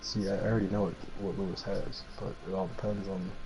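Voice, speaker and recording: A man's voice: low voice, level tone, fairly quick, background noise. A man streaming a game with friends, talking in a profane, mock-angry rant broken up by laughter and put-on voices of others. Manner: puts on quoted voices of others. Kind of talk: casual gaming chat.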